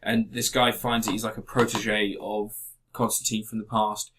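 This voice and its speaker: A man's voice: on the low side, level tone, moderate pace, a bit bright, a little hiss or hum. A man co-hosting a podcast, chatting casually in a blunt, sweary, rambling way. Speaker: podcast co-host. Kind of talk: casual review chat.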